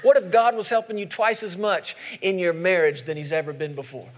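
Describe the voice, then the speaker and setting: Male pastor, sermon, high voice, emphatic, asks the room questions, drags out scripture lines. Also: brisk.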